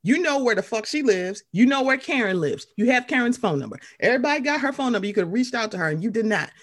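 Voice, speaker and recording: A woman co-hosting a casual chat about reality TV, animated and quick to mimic other people. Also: a little high. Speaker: podcast co-host.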